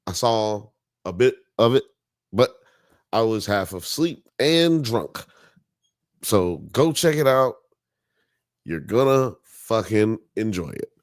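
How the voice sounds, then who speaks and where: A man's voice: lowish voice, very animated, slow pace, pauses often, dry recording, studio quality. A man hosting a podcast live stream, chatting casually in a profane, joking, rambling way. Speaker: podcast host.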